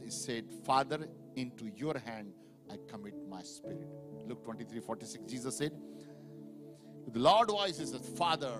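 A male pastor preaching a sermon to a live congregation, building from quiet reflection to loud, fervent exhortation. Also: on the low side. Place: church sanctuary with live congregation.

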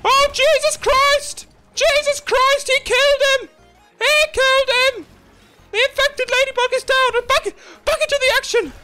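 A woman putting on the voice of a loud, excitable female arena announcer, booming and drawing out her proclamations over game footage. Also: unhurried, soft background music, full character voice. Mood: hyped. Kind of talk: mock sports-announcer commentary.

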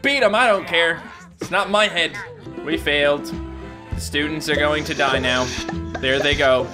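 A man giving casual gameplay commentary, excitable and jumping to high yelps when things go wrong. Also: normal speed, music in the background. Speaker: gaming YouTuber.

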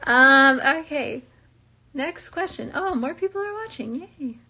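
A young American reality show cast member reads viewer questions aloud during a casual live Q&A and answers them chattily, laughing often. Her voice is high-pitched and sharp, with lively intonation and a slightly slow pace.

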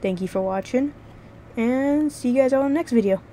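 A woman's voice: high-pitched, brisk, dark tone, slight background noise. A woman vlogging casual game reviews, rambling and swearing freely with lots of restarts.

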